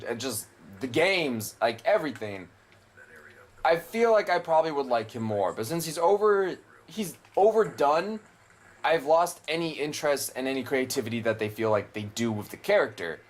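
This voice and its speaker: A young man casually commentating a video game, rambling and opinionated, with frequent swearing. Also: mid-range voice. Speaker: gameplay commentator. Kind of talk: casual let's play commentary.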